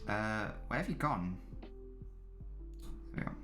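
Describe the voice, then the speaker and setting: Young man, a streamer hosting a football watchalong, talks in a bright, forceful voice, chatty and rambling as he answers viewers. Faint music plays underneath. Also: fairly low pitch, lively intonation, a little slow. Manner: chatty, rambling, laughs at his own jokes. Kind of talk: casual live-stream commentary, reading and answering chat.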